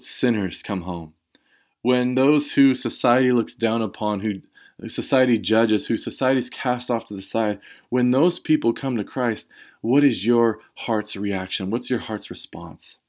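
A male pastor preaching a sermon in a relaxed but emphatic way. He speaks to his listeners directly and casually, as if he were talking with friends. His voice sits at an ordinary middle pitch for a man.

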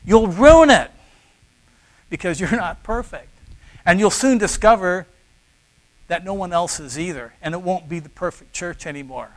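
A middle-aged man preaches with a fairly high voice. He leans hard on key words, then drops to quiet asides. His delivery is that of a pastor working through a sermon. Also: animated, normal speed, pauses often, low-quality recording. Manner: emphatic, swings between loud stresses and quiet asides.

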